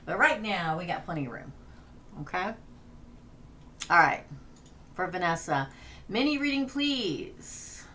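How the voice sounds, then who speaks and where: A woman's voice: fairly low pitch, lively intonation, measured pace, pauses often, background noise. A woman tarot reader hosting a casual livestream, chatting, laughing and reading names off a list.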